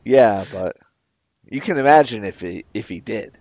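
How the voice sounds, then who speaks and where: A man's voice: lowish voice, animated, moderate pace, darkish tone, dry recording. A man co-hosting a casual podcast, rambling hesitantly with lots of fillers. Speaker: podcast co-host. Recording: dull, dry lo-fi audio.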